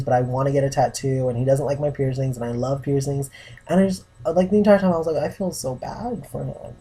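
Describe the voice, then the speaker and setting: Husky, warm-voiced young man chatting away. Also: medium pitch. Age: young adult. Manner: chatty storytelling with many "like" fillers. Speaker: vlogger. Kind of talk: casual chat to camera.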